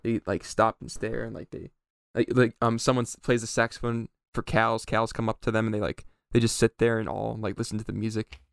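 Fast-talking rambling teen boy. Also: fairly low pitch, little pitch movement, gravelly, smooth, dry recording, clean studio sound. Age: teens. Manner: rambling, heavy filler "like". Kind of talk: casual chat.

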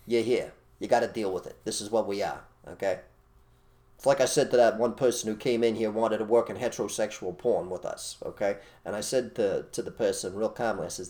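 A man co-hosting an opinionated casual chat, blunt and animated, repeating his phrases for emphasis. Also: lowish voice, fairly quick. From United States. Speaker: co-host.

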